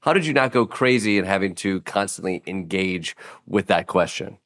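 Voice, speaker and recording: A man's voice: low voice, animated, normal speed, a bit bright. A male host asking a guest a long question in conversation, repeating words as he works out what he means.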